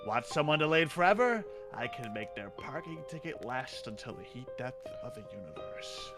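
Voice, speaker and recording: A petty, lanky bureaucrat made of red tape, as a man voices him, talking in a dry, nasal tone. He is quiet and smug. Music plays clearly in the background. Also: medium pitch, very animated, normal speed, voice pushed up, close to an everyday voice.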